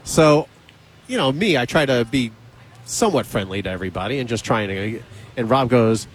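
A male radio host in casual on-air banter, spinning a backstage yarn. He slips into a higher voice for the people he quotes, with a mid-pitched, ordinary tone. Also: moderate pace, pauses often, rough recording. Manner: animated storyteller, acts out quotes with raised pitch.

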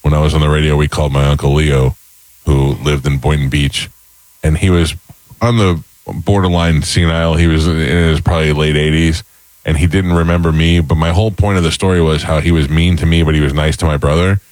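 A man's voice: a bass voice, brisk, dry recording. A middle-aged man hosting a morning radio show, chatting casually and telling stories with animation. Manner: storytelling, animated.

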